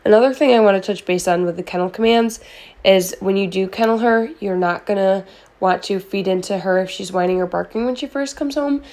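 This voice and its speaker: A woman's voice: mid-range voice, fairly quick, darkish tone. A woman dog trainer explains her methods in a friendly, methodical voice-over. She lays out each step plainly, as if guiding a new owner. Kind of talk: instructional voice-over.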